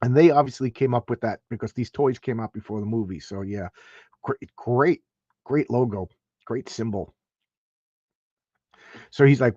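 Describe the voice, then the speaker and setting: A man's voice: medium pitch, normal speed, long pauses, warm tone, husky, no room sound, lo-fi sound. A man hosting a casual comic book review, talking in a rambling, enthusiastic way with many restarts and asides. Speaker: comic book show host.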